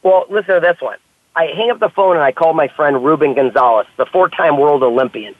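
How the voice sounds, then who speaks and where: A man telling stories in a casual conversation, animated and acting out the dialogue he quotes. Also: on the high side, brisk, no echo. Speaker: author and podcast guest. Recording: tinny phone-like line.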